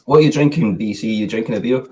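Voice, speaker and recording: A man chatting casually over a computer call, friendly and quick to laugh. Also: lowish voice, dark tone. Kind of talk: casual chat. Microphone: computer mic on a call.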